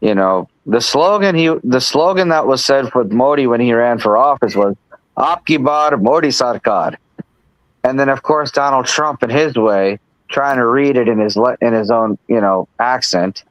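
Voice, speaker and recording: A man's voice: medium pitch, animated, normal speed, no echo, poor audio. A man hosting a casual political chat on a live stream, rambling with lots of restarts and asides. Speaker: host.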